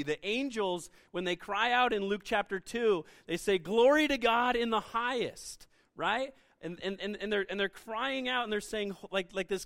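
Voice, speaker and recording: A man's voice: high-pitched, moderate pace, creaky, hardly any pauses, fairly bright tone. A young man preaching a conversational sermon, asking the audience questions as he goes. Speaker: pastor.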